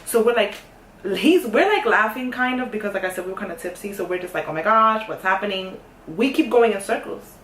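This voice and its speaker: A young woman telling a story in a casual, sassy way, dropping to a hush and then getting loud. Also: medium pitch, brisk, distant mic, a little hiss or hum. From New York. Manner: animated, sassy, swings from hushed to loud. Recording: echoey room, voice off-mic.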